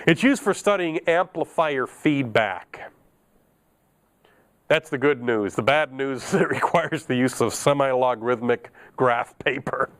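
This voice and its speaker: A man's voice: mid-range voice, clean tone. A middle-aged man teaching an electronics class, chatty and joking, laughing at his own asides. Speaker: electronics instructor. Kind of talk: classroom lecture.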